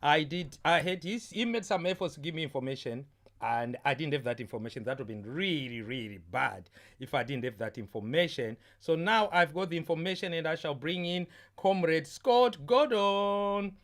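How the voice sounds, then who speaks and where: Name: stream host. Sex: man. Pitch: high. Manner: jovial, chatty, repeats himself. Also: expressive, normal speed, a bit bright. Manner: jovial, repeats his words, chats to viewers. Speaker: host of an online carnival stream. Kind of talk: casual live-stream hosting.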